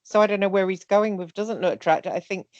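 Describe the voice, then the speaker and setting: A woman talking candidly in a casual conversation, animated and often acting out remarks in quoted voices. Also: medium pitch, fast, dry recording, highs cut off.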